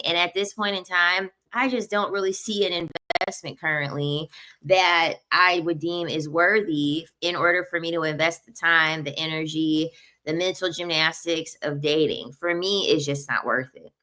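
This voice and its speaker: Blunt, forceful woman in her thirties. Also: fairly low pitch, moderate pace. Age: 30s. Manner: blunt, emphatic, repeats points. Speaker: online commentator. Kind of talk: casual opinion commentary.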